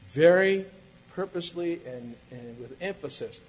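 Conversational preacher, a man, fairly high voice. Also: lively intonation, normal speed, breathy edge, poor audio. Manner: conversational, acts out quoted lines with shifting pitch and loudness. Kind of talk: sermon.

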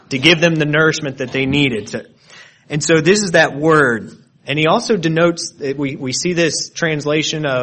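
A man's voice: on the high side, pushed and bright. A man preaching an expository sermon, explaining word meanings with frequent restarts and repeated words.

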